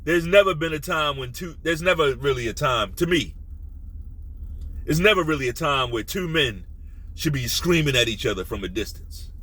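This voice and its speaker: A man hosting a sports talk video, ranting bluntly and profanely, sometimes dropping to a low menacing voice. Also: animated, normal speed, pushed and bright, rough recording. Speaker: sports commentary host. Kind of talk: casual opinion rant.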